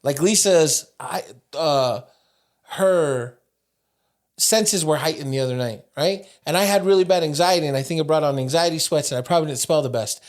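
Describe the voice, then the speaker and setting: A man in his thirties co-hosting a podcast, telling animated stories in casual chat and laughing often. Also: on the high side, normal speed. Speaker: podcast co-host.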